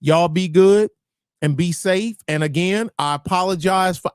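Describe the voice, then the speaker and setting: A man's voice: fairly high pitch, normal speed, clear, resonant tone, no echo, clean studio sound. A man hosting a livestream, talking bluntly and profanely in rambling commentary that keeps restarting phrases. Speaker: livestream host.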